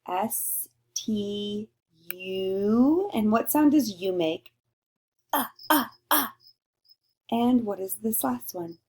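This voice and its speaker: Woman, teacher, lively sing-song pitch, slow careful pace, sounding out letters for young kids. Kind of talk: recorded lesson for young children.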